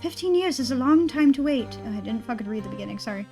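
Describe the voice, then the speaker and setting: A young adult woman streaming a game, chatting casually and excitably to her chat, swearing and laughing often. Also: high voice, normal speed, pauses often, faint music behind. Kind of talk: casual live-stream commentary.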